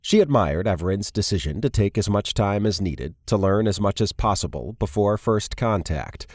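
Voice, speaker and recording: A man narrating an audiobook in a steady storytelling manner. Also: on the low side, moderate pace, no echo, studio quality. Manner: steady storytelling, varied character reads. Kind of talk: scripted narration.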